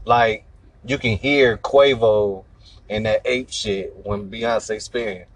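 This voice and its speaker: A man's voice: lowish voice, fairly even intonation, slow pace. A man interviewing a guest, laid-back, asking short questions and backing him up. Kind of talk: casual conversational interview.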